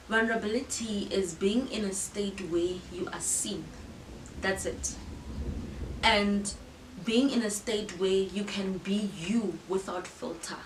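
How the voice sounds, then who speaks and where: A woman speaks with earnest emphasis, giving a motivational talk at a medium pitch. Her voice comes from some distance away in an echoey room, with faint background noise behind it. She acts out the voices she quotes and restarts her words.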